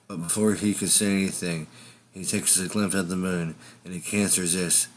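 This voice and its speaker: A man's voice: low voice, fairly even intonation, moderate pace. A man telling an improvised first-person story in a rambling, conversational way. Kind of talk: improvised fiction narration.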